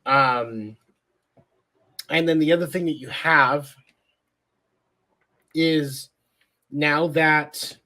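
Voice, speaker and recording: A man's voice: on the high side, steady tone, extremely slow, pauses often, bright, forceful tone. A man co-hosting a sports podcast, talking bluntly and casually with profanity and jokes. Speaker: podcast co-host.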